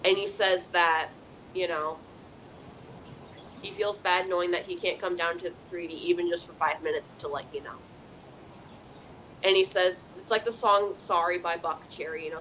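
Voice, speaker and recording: A woman with a fairly low voice hosts a live psychic call-in show. She talks earnestly and casually, passing on a spirit's words in first person. A faint hiss sits under her voice. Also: fairly even intonation, normal speed, long pauses, fairly bright tone, low-quality recording. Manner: chatty with fillers like "you know". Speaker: psychic medium host.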